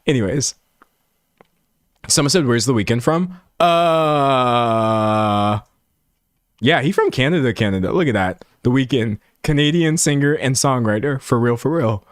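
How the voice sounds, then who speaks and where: A man riffing through a live stream, reading chat and doubling back on his own sentences with self-mocking asides. His voice sits in an ordinary middle pitch, and the sound is dry and close with no room around it. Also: a little slow, no room sound. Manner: animated and rambling, self-mocking, many restarts.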